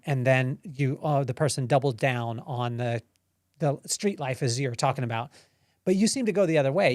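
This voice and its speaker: A man's voice: mid-range voice, darkish tone, no echo, clean studio sound. Man hosting, asking long winding questions. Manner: long, winding questions that restart mid-thought. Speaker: podcast host. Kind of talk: interview questions.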